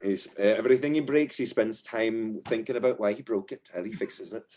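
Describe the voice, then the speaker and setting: A man voicing a calm, soothing male dwarf innkeeper who apologizes politely. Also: lowish voice, normal speed, lightly acted. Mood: reassuring.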